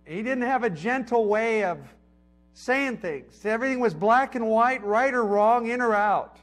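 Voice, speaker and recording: A middle-aged man preaching a sermon in a conversational way, building to emphatic peaks and then dropping low and quiet. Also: a little slow. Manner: conversational preaching with emphatic swells and soft drops.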